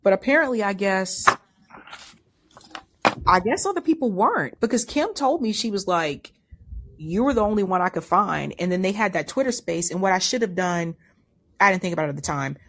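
Chatty low-voiced woman podcast host. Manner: chatty, rambling with restarts and fillers. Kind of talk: casual chat.

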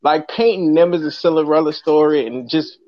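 Male podcast host, slangy and animated, slightly higher voice, dry dull lo-fi sound. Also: fairly quick, no room sound. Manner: animated, laughs often, slangy. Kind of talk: casual sports chat.

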